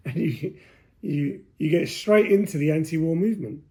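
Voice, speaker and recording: A man hosting an interview, chiming in with brief, lively remarks. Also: on the high side, moderate pace. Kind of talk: conversational interview.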